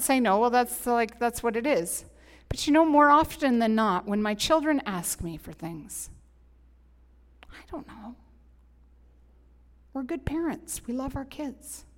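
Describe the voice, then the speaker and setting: Emphatic woman pastor in a reverberant hall. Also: a little high. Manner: animated, emphatic, conversational with humorous asides. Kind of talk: sermon. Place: church sanctuary.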